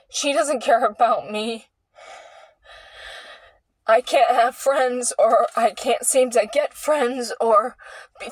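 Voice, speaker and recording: A young woman speaks in a high voice, slowly and earnestly, as she shares a personal story. She sighs and breaks off mid-phrase as she searches for words. The sound is dry and close, with no room echo. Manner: earnest and heartfelt, with halting restarts and sighs. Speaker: vlogger sharing a personal story. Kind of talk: candid personal monologue.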